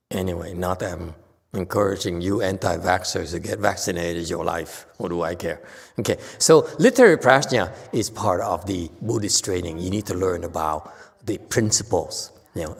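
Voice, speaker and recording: A man's voice: low voice, creaky, husky. A man giving a casual Buddhist dharma talk as teacher, chatty and teasing, laughing often. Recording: reverberant hall.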